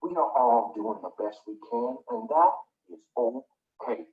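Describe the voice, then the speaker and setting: A man voicing a calm, caring puppet father in a children's TV clip, speaking soothingly and encouraging parents to breathe. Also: medium pitch, measured pace. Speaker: puppet character in a played clip. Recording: roomy, dull video played over a call.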